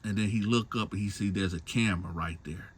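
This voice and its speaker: A man's voice: on the low side, brisk, breathy edge. A man retelling a story in a loose, slangy way, often tagging lines with a question. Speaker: storyteller host. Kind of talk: casual storytelling.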